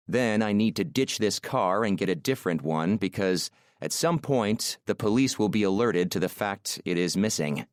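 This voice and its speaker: Low-voiced male audiobook narrator. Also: no echo, studio quality. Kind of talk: scripted first-person romance narration.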